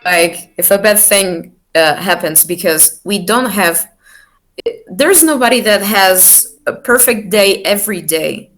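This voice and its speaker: Slow, halting woman with music under. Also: mid-range voice, lively intonation, fairly bright tone. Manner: slow, halting, many fillers and restarts. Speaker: guest musician. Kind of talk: casual interview chat.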